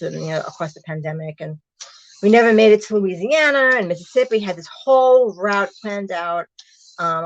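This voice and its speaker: A middle-aged woman chatting casually on a live stream, bubbly and warm with viewers, often laughing and greeting them by name. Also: medium pitch, no room sound, lo-fi sound. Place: small room in her truck.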